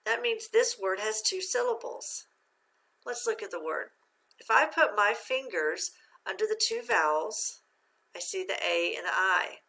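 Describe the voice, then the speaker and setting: A woman with a bright, clear voice leads a reading lesson at an even teacher's pace. She asks simple questions, waits, then confirms the answers patiently. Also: mid-range voice, a little slow, poor audio. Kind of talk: phonics lesson for young learners.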